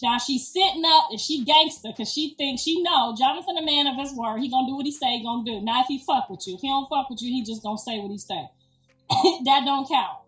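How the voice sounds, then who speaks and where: Middle-aged woman, high voice; emphatic, profane storyteller; distant mic in a reverberant room. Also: brisk. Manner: animated, emphatic, profane, slangy. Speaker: grandmother telling a birth story. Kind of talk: casual storytelling. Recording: echoey room, distant mic, faint music.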